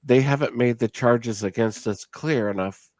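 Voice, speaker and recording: A man's voice: mid-range voice, moderate pace, darkish tone, no echo. A middle-aged man hosting a casual chat, tipsy and slightly slurring, ranting with plenty of profanity. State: tipsy from drinking. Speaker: podcast host.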